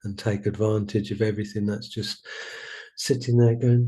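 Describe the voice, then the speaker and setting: A man hosting a casual spiritual conversation, talking in an animated way and acting out inner voices. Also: on the low side, moderate pace, husky. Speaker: podcast host.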